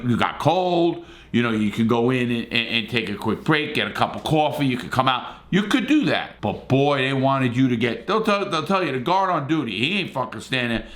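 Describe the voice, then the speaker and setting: A man's voice: medium pitch, a bit bright. A middle-aged man from New City, telling stories in a blunt, profane, rambling way full of restarts. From New York City. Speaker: host, former prisoner. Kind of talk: casual storytelling.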